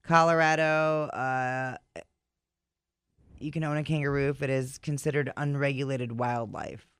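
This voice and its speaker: A man's voice: mid-range voice, steady tone, measured pace, a bit bright, clean tone, no room sound, clean studio sound. A man co-hosting a radio morning show, teasing his partner and laughing easily. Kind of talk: casual radio banter.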